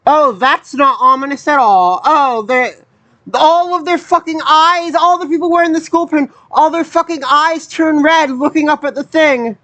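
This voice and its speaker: An anime reaction host giving casual commentary, swearing constantly and rambling in incredulous outbursts. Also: high voice. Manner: excited, rapid rambling. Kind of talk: casual reaction commentary, reading subtitles aloud.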